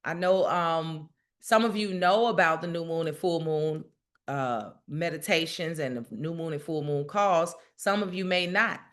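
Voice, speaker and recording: A woman's voice: sits low, measured pace. A woman hosting a casual spiritual livestream, chatting directly to her viewers and laughing often.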